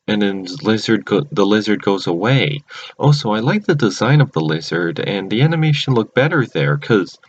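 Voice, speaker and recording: Rambling man recapping a cartoon. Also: fairly low pitch. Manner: rambling, many restarts. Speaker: channel host. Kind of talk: casual episode recap. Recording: dull lo-fi recording.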